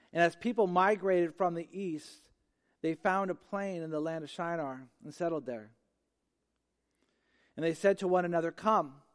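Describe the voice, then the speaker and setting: A male pastor preaching a sermon, emphatic and repeating phrases for effect. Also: sits high. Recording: long hall reverb.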